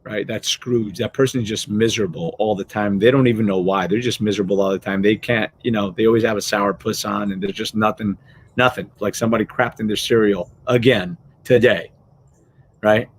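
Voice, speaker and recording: A man's voice: lowish voice, fairly even intonation, fairly quick, a little hiss or hum. A middle-aged man hosting a motivational live show, talking casually and animatedly, swearing freely and acting out everyday scenes.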